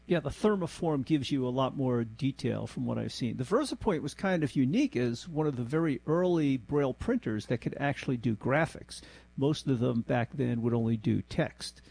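A man's voice: medium pitch, expressive, normal speed, vocal fry, darkish tone. A man interviewing a guest, asking questions and adding knowledgeable comments of his own. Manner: knowledgeable, inquisitive.

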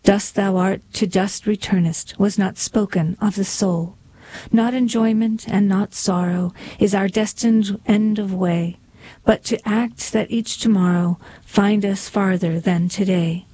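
A woman reading aloud slowly and deliberately. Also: medium pitch, fairly even intonation, mellow, slightly rough, no room sound, rough recording. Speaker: reader. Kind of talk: reading poetry and a humorous story aloud.

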